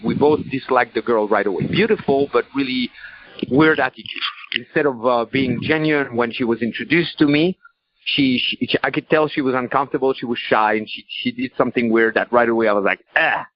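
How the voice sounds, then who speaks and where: Earnest, halting male podcast co-host. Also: medium pitch, no room sound. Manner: halting, repetitive, earnest speech. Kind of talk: conversational podcast talk. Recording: dull lo-fi sound.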